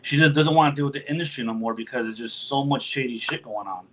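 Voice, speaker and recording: A man's voice: mid-range voice, fast talker, muffled recording, a little hiss or hum. A man hosting a podcast in casual chat, talking loosely and with plenty of swearing, often acting out what other people say. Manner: loose and profane, acts out quotes in other voices. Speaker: podcast host.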